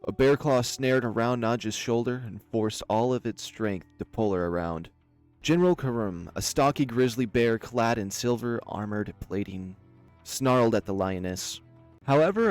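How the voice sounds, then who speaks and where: Low-voiced male story narrator. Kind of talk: storybook narration of a visual novel. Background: soft music.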